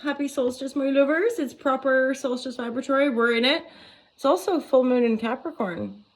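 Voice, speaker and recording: A woman's voice: sits high, normal speed. A woman in her forties, a tarot reader, rambling playfully in a casual vlog, giggling and swearing freely. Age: 40s.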